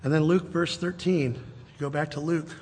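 Animated preacher man in a reverberant hall. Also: on the high side, normal speed, husky. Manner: conversational, animated, acts out quotes. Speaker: pastor. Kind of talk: sermon.

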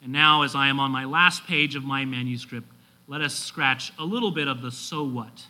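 A man's voice: medium pitch, normal speed, bright, forceful tone, rough recording. A male pastor preaching a sermon from his manuscript, reading quotations and building to emphatic exhortation.

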